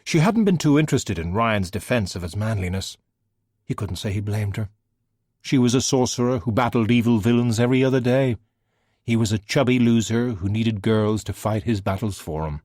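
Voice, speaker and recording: A man narrating a fantasy audiobook in an expressive storytelling manner. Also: on the low side, moderate pace, dry recording, clean studio sound. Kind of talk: scripted narration.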